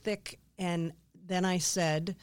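Deadpan witty woman guest. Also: on the low side, slow, clear, resonant tone, dry recording. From Quincy, Massachusetts. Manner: dry, deadpan wit. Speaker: guest, defense attorney. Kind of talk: casual interview chat.

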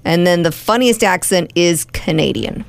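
A woman's voice: fairly low pitch, expressive, moderate pace, vocal fry, smooth, no echo. A woman co-hosting a casual talk show, reading out stories in a matter-of-fact way. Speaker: radio co-host. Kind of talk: casual chat.

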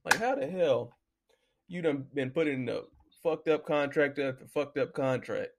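Gravelly man ranting casually. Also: a little high, moderate pace. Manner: loose, animated storytelling, heavy cursing. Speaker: podcast host. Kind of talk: casual profane commentary.

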